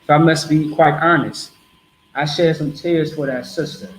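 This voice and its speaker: A man delivers a blunt, streetwise street sermon, repeating himself to drive each point home. His voice sits a little high. The recording bounces around an echoey space, with faint ambient noise underneath. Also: fairly even intonation, normal speed. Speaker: street preacher. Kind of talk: street teaching to a group.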